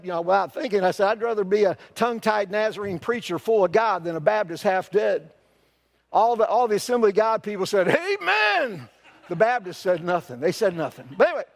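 Gravelly high-voiced male pastor. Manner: folksy, earnest storyteller. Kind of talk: sermon storytelling.

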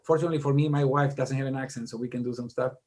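A middle-aged man talking as a guest in a casual interview, animated and self-deprecating as he tells stories. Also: medium pitch, very fast, noisy background. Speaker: guest music producer.

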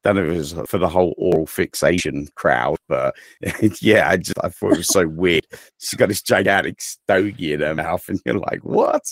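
A man's voice: low-pitched, moderate pace, no room sound. A man with an English accent hosting a casual podcast chat, rambling and full of "you know", with dry teasing humor. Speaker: podcast host.

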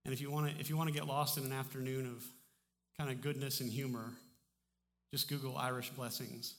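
A man preaching a sermon as pastor, in a relaxed, conversational way with frequent restarts, in a church sanctuary. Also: medium pitch, brisk, a little hiss or hum. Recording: long hall reverb.

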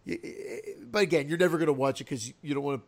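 Gravelly, animated podcast co-host. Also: male voice, fairly high pitch, very fast. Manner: animated, joking. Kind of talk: casual chat.

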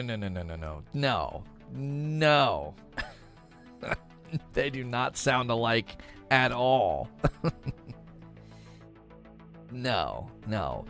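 A man's voice: mid-range voice, fairly bright tone. A male streamer chatting casually with his viewers, with an ordinary mid-range voice. He rambles, laughs often and loops back on his words, and faint music plays underneath. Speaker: livestream host reading viewer chat. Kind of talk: casual livestream chat.

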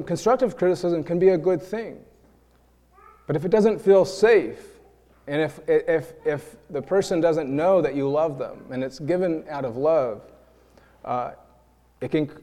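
A preacher from New York giving a lively sermon, acting out quoted voices and repeating words as he builds his points. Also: fairly high pitch. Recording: long reverb of a large hall.

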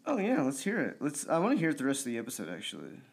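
A man's voice: mid-range voice, wildly swooping pitch, rapid-fire, slightly rough. A man co-hosting a podcast, bantering in a crude, joking way and calling his co-host dude.

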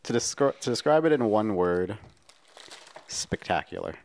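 A man's voice: lowish voice, animated, normal speed. A young man, a student, co-hosting a casual film podcast, rambling and jokey. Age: young adult. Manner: rambling, jokey, acts out dialogue. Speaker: podcast co-host. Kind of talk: casual chat about films.

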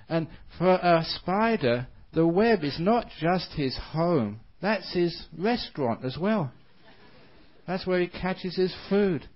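A man, a Buddhist monk, giving a dharma talk with lively storytelling and frequent laughter. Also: a little high, muffled recording. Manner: animated storyteller, laughs often.

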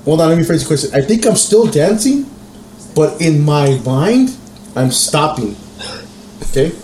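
Animated storytelling man, echoey room. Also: on the high side, a little slow, slight background noise. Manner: animated, profane, acts out quotes. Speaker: podcast co-host. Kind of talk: casual storytelling chat.

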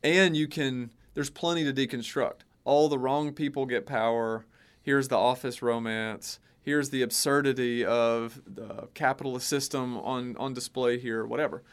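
A man co-hosting a podcast, a teacher, talking in an animated storytelling way and quoting others. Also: medium pitch, moderate pace, clean tone. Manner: animated, storytelling with quoted voices. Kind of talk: casual podcast discussion.

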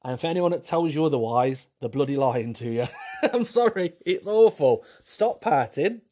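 A man's voice: on the high side, lively intonation, normal speed, mellow. A young man, a vlogger, talking to camera in a cheeky, blunt, jokey monologue and laughing often. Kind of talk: casual opinionated monologue.

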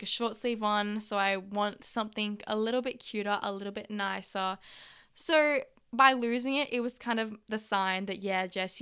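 A young Australian woman in her twenties, speaking in a mid-range, slightly bright voice with a clean tone, delivers a casual solo podcast monologue. She's chatty, candid and sweary, and acts out her reactions.

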